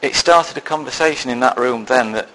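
In this rough recording, a male lay preacher speaks at a fairly quick pace with a fairly bright tone. His sermon opens with a personal anecdote told with dry, self-deprecating wit, then shifts to something serious.

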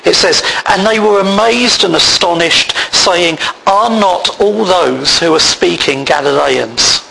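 A man preaching a sermon, reading scripture aloud in a measured way. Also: high voice, sharp tone, a little hiss or hum, poor audio. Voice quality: gravelly.

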